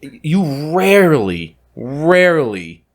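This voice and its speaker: A man's voice: fairly high pitch, very animated, takes it slowly. A man co-hosting a podcast in casual chat, talking emphatically and swearing freely. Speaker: podcast co-host.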